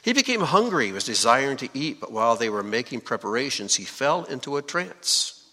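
In a large hall with long, ringing reverb, a man preaches briskly in a bright, forceful voice. His pitch swings widely as he teaches scripture, and he's lively, putting questions to the congregation.

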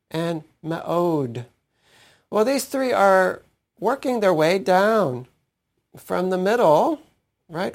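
A man's voice: sits high, gravelly. A man teaching a weekly Torah portion, thoughtful, often checking in with "right?". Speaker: Bible teacher.

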